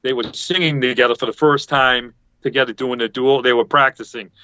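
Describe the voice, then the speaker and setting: A man's voice: medium pitch, fairly even intonation, fairly quick, bright, forceful tone, no room sound. A man telling a rambling story in a casual chat over a video call, acting out what other people said. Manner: rambling, acts out quoted people. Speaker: podcast panelist. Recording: dull lo-fi video call audio.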